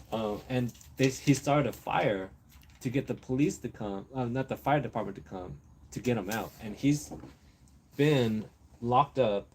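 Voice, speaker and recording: A man hosting a casual livestream, rambling through random topics with viewers, laughing often and brainstorming out loud. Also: mid-range voice, slight background noise. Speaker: livestream host.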